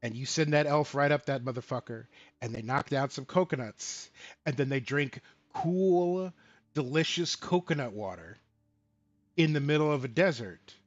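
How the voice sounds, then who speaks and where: A man co-hosting a casual show about tabletop games, talking in an animated, profane way and acting out lines of quoted characters. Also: medium pitch, normal speed, no room sound, highs cut off. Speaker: podcast co-host. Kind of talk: casual tabletop game talk.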